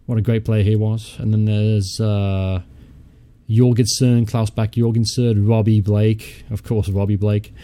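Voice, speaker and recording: Mellow-voiced man muttering through a game. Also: lowish voice, flat delivery, unhurried. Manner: chatty, thinks aloud, mutters and swears casually. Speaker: gaming channel host. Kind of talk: casual let's-play commentary.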